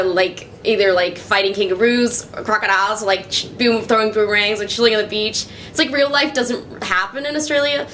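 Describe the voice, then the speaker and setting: A woman's voice: mid-range voice, a bit bright, a little hiss or hum, natural voice. Actress as a chatty American woman. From New Mexico, US. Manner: chatty, filler-heavy, laughing asides. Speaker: stage actor in verbatim theatre. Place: small theatre stage, live.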